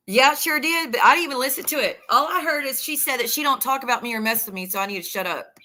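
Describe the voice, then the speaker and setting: A woman's voice: high-pitched, lively intonation, fairly quick, long pauses, sharp tone. A woman talking casually on a livestream, rambling as she reads her messages aloud. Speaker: streamer.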